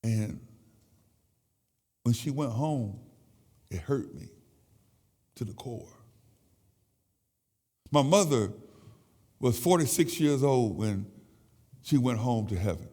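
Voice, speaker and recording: A man in his sixties giving an emotional, halting sermon testimony in a church sanctuary. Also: mid-range voice, expressive, dark tone. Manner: emotional, halting with repeated words. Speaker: church speaker. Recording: echoey church hall.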